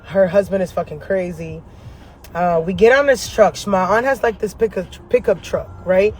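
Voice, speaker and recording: High-voiced man, slangy and animated. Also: moderate pace, slight background noise. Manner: animated, profane, slangy storytelling; laughs often between lines. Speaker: astrology vlogger. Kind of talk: casual chat to camera. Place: inside a parked car.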